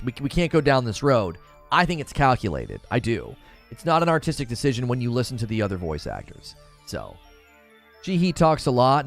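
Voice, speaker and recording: A man hosting a casual gaming livestream, reading chat and arguing his opinions out loud, now and then mimicking cartoon voices. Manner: animated, opinionated, thinks aloud; briefly mimics cartoon voices in a high falsetto. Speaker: gaming news host reading live chat.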